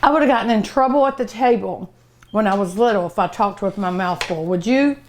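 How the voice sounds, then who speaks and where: A woman's voice: medium pitch, brisk. A middle-aged woman hosting a cooking show, chatting casually and humming with pleasure as she tastes her food. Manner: savoring food aloud with many hums. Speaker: cooking show host and restaurant owner.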